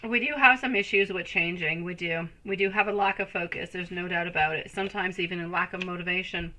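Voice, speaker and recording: A woman's voice: fairly low pitch, steady tone, a little fast, bright, forceful tone, slight background noise, poor audio. A woman giving a live-streamed tarot reading, talking in an affectionate, soothing way and calling her viewers pet names. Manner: soothing, reassuring. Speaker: tarot reader.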